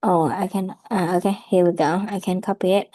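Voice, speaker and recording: A woman's voice: fairly low pitch, steady tone, fairly quick, dark tone. A woman, tutoring English over a video call and giving patient, corrective feedback. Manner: patient, corrective, repeats "okay?" often. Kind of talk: feedback in an online speaking lesson.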